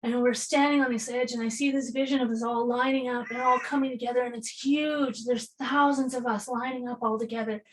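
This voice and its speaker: Woman podcast guest, lively storyteller, voice sits a little high, acts out dialogue, swears casually. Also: fairly quick, few pauses, a little hiss or hum, poor audio. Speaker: podcast guest, spiritual healer.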